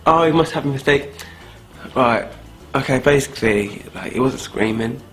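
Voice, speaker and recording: A man's voice: medium pitch, moderate pace, a bit bright, faint music behind, natural voice. A man playing a smug new-age contestant who talks about energy, airy and dismissive. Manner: airy, dismissive, self-assured. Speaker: contestant in a mock dinner-party show. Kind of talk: improvised mockumentary acting.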